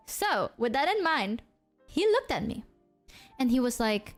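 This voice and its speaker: Woman, from Indonesia, streamer, high-pitched, animated storytelling, faint music behind. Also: a little slow, long pauses. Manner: animated, acts out quoted people. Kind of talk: casual storytelling to chat.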